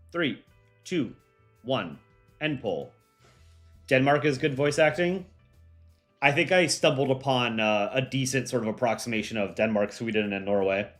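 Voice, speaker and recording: A young American man chatting casually on a live stream as its host, relaxed and full of ums and likes. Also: mid-range voice. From United States. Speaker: streamer and voice actor.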